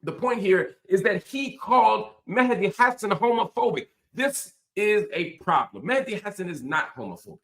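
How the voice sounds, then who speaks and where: A man's voice: high-pitched, very animated, normal speed, hardly any pauses, a bit bright, reverberant. A man hosting a show, delivering an impassioned, emphatic political commentary monologue. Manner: impassioned, emphatic, repetitive rhetorical. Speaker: host.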